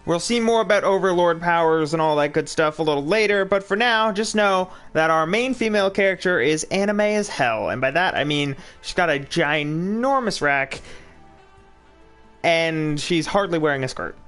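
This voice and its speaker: A man's voice: fairly high pitch, animated, moderate pace, fairly bright tone, soft background music. A man giving casual, jokey let's play commentary, making crude cracks and reading game text aloud. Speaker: gaming video host.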